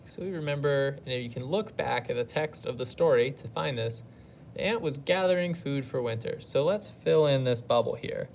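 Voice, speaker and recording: A woman's voice: very deep voice, normal speed, creaky, a little mellow, a little hiss or hum. Patient woman teaching an online lesson. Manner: patient, thinks aloud step by step. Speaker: elementary school teacher. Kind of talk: recorded video lesson for pupils at home.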